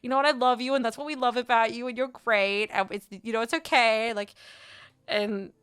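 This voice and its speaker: A young adult woman streaming and chatting casually with her viewers, rambling and giggly, sometimes breaking into loud playful yelling. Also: fairly high pitch, steady tone, fairly quick, clean tone. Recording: faint music behind.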